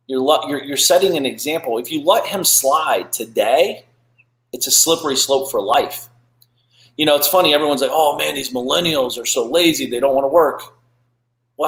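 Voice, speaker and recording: A man's voice: a little high, fairly bright tone, echoey room, low-quality recording. A man in his thirties hosting a podcast, giving blunt motivational talk that is preachy and full of swearing. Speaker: podcast host.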